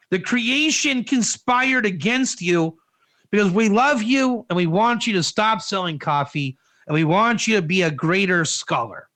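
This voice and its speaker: Bright-voiced man teaching a rambling class. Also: high voice. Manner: rambling, full of rhetorical questions and "right?". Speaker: Torah teacher. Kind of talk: informal Torah class.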